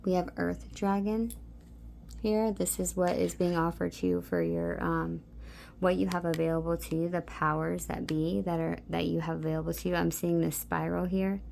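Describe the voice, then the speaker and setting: A woman giving a soft, meandering spiritual card reading, talking intimately to her listeners with many fillers. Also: on the low side, little pitch movement, normal speed, gravelly, a little hiss or hum. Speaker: tarot card reader.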